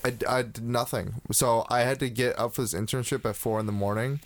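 Here a young man co-hosting a podcast talks a little fast, his mid-range voice fairly even in intonation. It's loose, rambling chat, peppered with swearing, restarts and fillers.

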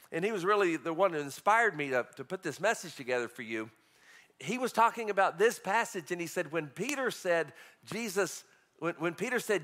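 Male preacher, bright and forceful tone, chatty animated delivery with light chuckles. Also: high voice. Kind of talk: sermon.

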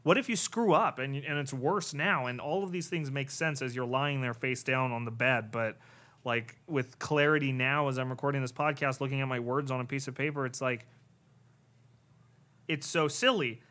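A man's voice: medium pitch, moderate pace, a bit bright. A man co-hosting a podcast, talking in an earnest, searching way with frequent restarts. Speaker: podcast co-host. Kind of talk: candid podcast chat.

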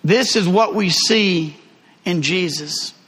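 A man preaching a sermon, telling a travel story with lively emphasis and repeated phrases. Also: high-pitched, takes it slowly, breathy edge. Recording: long hall reverb.

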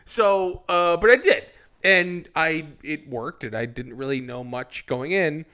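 A man's voice: on the high side, pushed and bright, clean tone. A man in his thirties co-hosting a podcast, chatting casually and joking around. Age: 30s. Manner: jokey, quick banter with playful put-on voices. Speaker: podcast co-host. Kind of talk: casual chat.

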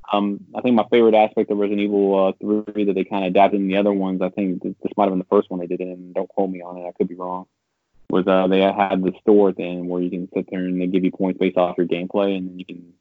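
A man rambling in casual gaming chat, swearing often and getting animated when he vents. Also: deep voice, quick pace, no echo. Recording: tinny phone-like dry sound.

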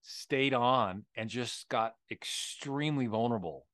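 A man's voice: medium pitch, a little slow, fairly bright tone. A man co-hosting a faith podcast who tells stories candidly and keeps checking in with "right?". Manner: candid storytelling, tags with "right?". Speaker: podcast co-host. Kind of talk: casual faith conversation.

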